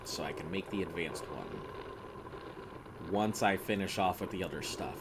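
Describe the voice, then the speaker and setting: A rather low-voiced American man talks his way through a game session, rambling and chatty, amused by his own remarks. A faint hum of room ambience sits under his voice. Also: measured pace. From United States. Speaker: streamer. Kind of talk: casual gameplay commentary.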